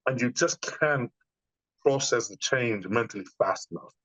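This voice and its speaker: A man with a mid-range voice speaks at normal speed as an interviewed bodybuilder guest, telling stories casually and animatedly while frequently restarting. It's a low-quality recording with no echo.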